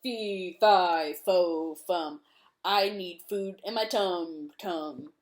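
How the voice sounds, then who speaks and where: A big, soft-hearted ogre from a storybook, chanting slowly and loudly to sound scary, as a woman reading aloud puts him on. The voice drops lower than the reader's own. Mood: mock-menacing. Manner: chanting, mock-menacing.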